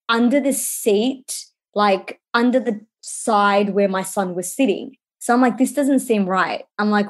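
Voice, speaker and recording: A woman, co-hosting a casual podcast and telling animated stories with casual swearing. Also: medium pitch. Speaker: podcast co-host. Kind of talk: casual chat.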